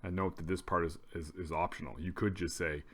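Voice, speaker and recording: A male teacher explaining a grammar lesson in a relaxed way, often restarting his sentences. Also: low-pitched, brisk.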